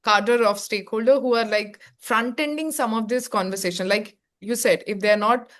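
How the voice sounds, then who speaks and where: A woman's voice: a little high, normal speed, fairly bright tone. A woman with an Indian English accent, moderating a webinar panel, her phrasing loose and full of fillers.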